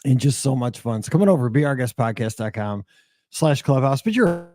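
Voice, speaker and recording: Hoarse, chatty podcast host, dark tone. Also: male voice, medium pitch, lively intonation, a little fast, no echo. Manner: chatty, rambling, with many fillers and restarts. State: hoarse from a cold and asthma. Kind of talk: solo podcast monologue.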